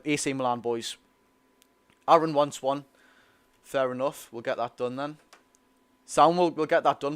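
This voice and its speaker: A man's voice: fairly high pitch, clear, resonant tone, dry recording. A young man with a Geordie accent, chatting casually with viewers during a live football watch-along and reading out their comments. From North East England. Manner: chatty, excitable, reads chat aloud. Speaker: football fan streamer.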